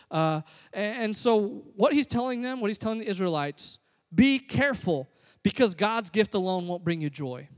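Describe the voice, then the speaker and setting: A man preaching a sermon as a pastor, energetic and building to near shouts. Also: sits high. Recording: long hall reverb.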